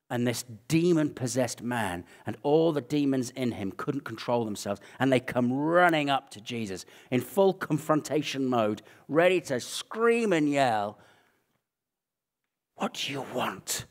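A man with an English accent preaching a sermon, telling Bible stories with animated, acted-out energy. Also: mid-range voice. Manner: animated storytelling, acting out scenes. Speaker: pastor.

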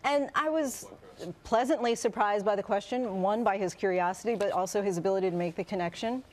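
A woman's voice: medium pitch, fairly quick. Earnest woman in a TV interview. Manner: earnest, gentle and reflective. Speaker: author and news correspondent. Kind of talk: morning TV interview. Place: TV studio with live audience.

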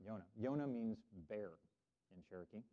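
A brisk, mid-range male voice belongs to a middle-aged Oklahoma pastor delivering a kindly children's message and prompting the kids to repeat after him. The church sanctuary audio sounds dull and lo-fi.

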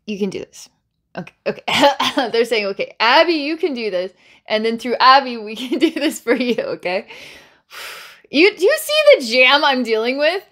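A woman's voice: fairly high pitch, big pitch swings, normal speed, a bit bright. Rambling, repetitive woman doing a psychic reading. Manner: rambling, repeats phrases, restarts, bursts of laughter; dramatic, challenging and coaxing. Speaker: psychic reader. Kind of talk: channelled psychic reading to camera.

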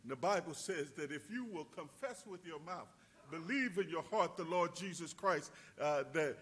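Fervent husky-voiced male preacher. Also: a little high, expressive, moderate pace. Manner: fervent preaching that builds to shouted peaks. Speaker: pastor. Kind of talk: sermon.

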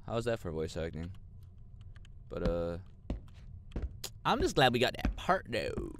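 A man commentating a horror game, swinging between mumbled slangy banter and loud frightened shouts. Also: fairly low pitch, sing-song, unhurried, pauses often, background noise. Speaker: gamer playing a horror game. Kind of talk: let's play commentary.

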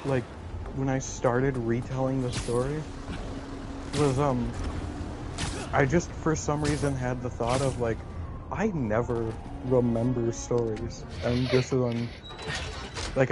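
A young man chatting casually while a friend plays a game, rambling through his thoughts with plenty of "like" and "um" and the odd curse. His pitch sits in an ordinary middle range, and game music plays clearly behind him. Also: a little slow. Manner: rambling, filler-heavy, swears casually. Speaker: co-player chatting. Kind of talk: casual gaming chat.

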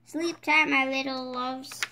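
A woman's voice: high-pitched, fairly even intonation, takes it slowly, bright, forceful tone, a little hiss or hum, heavily acted. Mr. Krabs, a salty old crab, read by a woman. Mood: fond. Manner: salty old-sailor talk. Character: greedy old crab, sailor-like boss.

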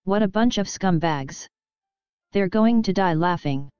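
A cruel male villain leader gloats and taunts his kneeling foes, voiced by a woman narrator. The voice sits low and very clear, dry and close, with a faint music bed under a dull, lo-fi sound. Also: lively intonation, unhurried, a little mellow, no echo. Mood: gloating. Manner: mocking, gloating.

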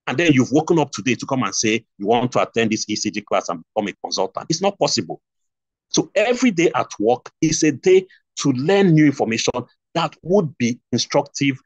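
Nigerian man teaching with husky voice. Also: mid-range voice, no echo. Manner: repeats points, lively asides and rhetorical questions. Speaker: nursing exam tutor. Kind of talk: online lecture. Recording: dull lo-fi stream audio.

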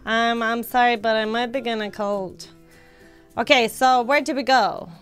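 A woman with a scratchy throat, hosting a casual let's-play chat with excitable squeals. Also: fairly high pitch, moderate pace, soft background music. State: scratchy throat, coming down with a cold. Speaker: gaming channel host.

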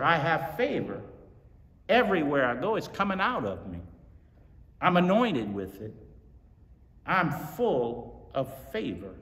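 Folksy pastor, bright voice. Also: male voice, on the high side. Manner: folksy, storytelling, emphatic repetition. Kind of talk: sermon. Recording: reverberant hall.

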